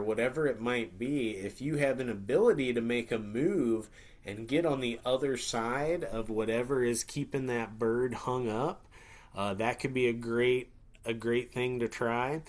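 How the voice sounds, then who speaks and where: A man teaching a beginner webinar in a relaxed, conversational way, sometimes acting out little scenes in playful voices. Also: mid-range voice, unhurried. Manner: conversational, acts out turkey scenarios with playful voices. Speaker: hunting instructor. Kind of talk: webinar lesson.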